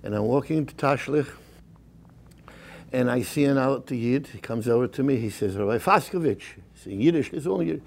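A middle-aged man, a rabbi telling a story in a sermon, shifting from hushed whispers to rising fervor and mixing in Yiddish and Hebrew phrases. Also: medium pitch, expressive, moderate pace, creaky. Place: synagogue.

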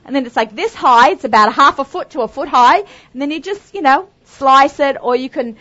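Chatty Australian woman, high voice. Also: brisk, bright, forceful tone. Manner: chatty, upbeat, lots of asides. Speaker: cooking show host. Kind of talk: live cooking demonstration. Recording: dull lo-fi sound.

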